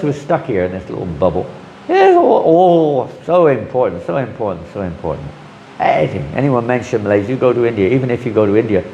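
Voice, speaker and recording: A man teaching a scripture class in a lively way, often acting out the voices of people he quotes. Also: medium pitch, echoey room, slight background noise, low-quality recording. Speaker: spiritual teacher.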